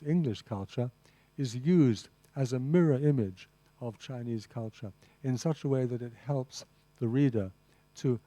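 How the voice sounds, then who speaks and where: A man's voice: medium pitch, mellow, dry recording. A man lecturing at a master class on translation, enthusiastic and rambling, with many asides to the audience and "you see.". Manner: frequent restarts and "you see". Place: lecture room.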